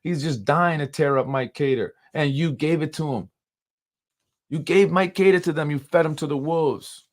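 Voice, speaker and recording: A man's voice: on the high side, moderate pace. A man hosting unscripted political commentary, emphatic and full of rhetorical questions and repetition.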